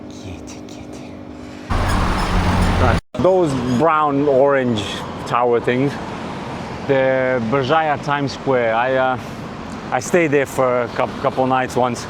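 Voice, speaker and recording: A man from Romania talks into a handheld camera as he walks city streets, rambling and cracking jokes with casual swearing. His pitch sits in a middle range, and faint traffic hums behind him. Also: fairly even intonation, slow. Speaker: travel vlogger. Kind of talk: casual walking vlog commentary.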